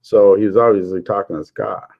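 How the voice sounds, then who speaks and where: A man's voice: lowish voice, fairly even intonation, fairly quick, gravelly, narrow, tinny audio. A man hosting a casual livestream chat, telling jokey stories and chuckling often. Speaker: livestream host.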